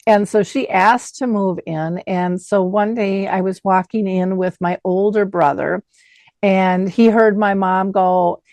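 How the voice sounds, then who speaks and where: A woman hosting an interview, telling family stories in an animated way and acting out the quoted voices. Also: medium pitch, a little slow, no echo. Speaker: host. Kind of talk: conversational interview.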